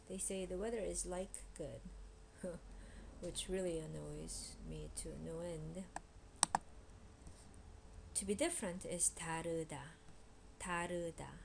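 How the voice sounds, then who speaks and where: A woman teaching a language lesson, explaining grammar and repeating each word slowly so learners can copy it. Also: fairly low pitch, gravelly, darkish tone, a little hiss or hum. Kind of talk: recorded vocabulary lesson.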